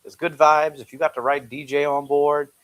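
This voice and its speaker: A man co-hosting a casual live stream from a couch at home, talking in a relaxed way and joking dryly. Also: fairly high pitch, normal speed, no echo, poor audio. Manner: relaxed, easygoing, jokes dryly. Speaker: co-host.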